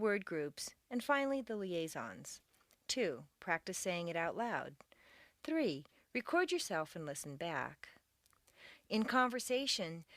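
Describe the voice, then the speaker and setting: A woman narrates a language lesson with clear, carefully articulated speech and a lively, melodic pitch. Her delivery is deliberate and instructional, recorded dry and close in a studio. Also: no room sound. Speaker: pronunciation teacher.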